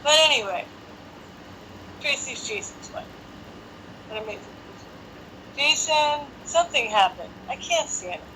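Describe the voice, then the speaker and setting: A woman's voice: high-pitched, lively intonation, moderate pace, long pauses, pushed and bright, a little hiss or hum, low-quality recording. A woman hosting a casual live stream from her apartment on a phone. She chats and jokes to herself while she waits for guests. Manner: chatty, joking, talks to herself while waiting. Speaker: host. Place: home apartment.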